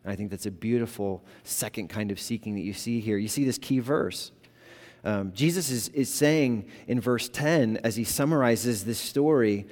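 A man's voice: mid-range voice, normal speed, darkish tone, big-room sound. A man in his thirties preaching a sermon, talking casually and telling stories with many "like"s and "you know"s. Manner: conversational, storytelling, many fillers. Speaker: pastor.

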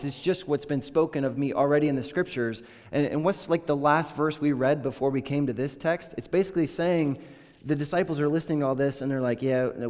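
A man's voice: medium pitch, a little mellow. A man preaching a sermon as pastor, talking conversationally and voicing the scripture quotes with rising intensity. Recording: long reverb of a large hall.

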